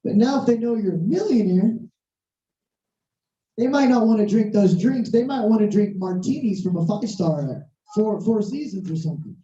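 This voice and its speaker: Hoarse preacher telling an animated story. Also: moderate pace. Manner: animated, acting out dialogue with big pitch jumps. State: hoarse, voice worn out. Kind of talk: storytelling sermon. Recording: roomy, distant, dull sound.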